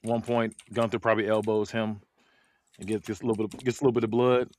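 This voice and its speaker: A man's voice: on the low side, flat delivery, quick pace. A man co-hosting a wrestling podcast in casual chat, laughing often and acting out scenes. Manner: laughs often, acts out bits. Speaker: podcast co-host.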